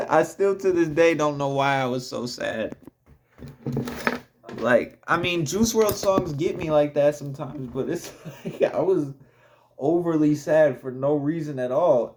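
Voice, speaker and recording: A young man spinning a storytime for his viewers in a relaxed, slow drawl. His voice sits a little higher than most men's, and he keeps it chatty, laughing often and talking straight to the audience. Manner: laid-back, chatty, laughs often, addresses viewers as y'all. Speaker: vlogger telling a story. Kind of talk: casual storytime.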